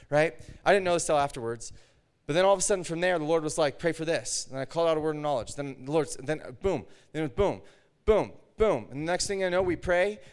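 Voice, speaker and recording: A man preaching a sermon, telling a personal story with animated delivery and acting out the dialogue. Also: a little high, clear, resonant tone. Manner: animated storytelling, acts out his own and God's words.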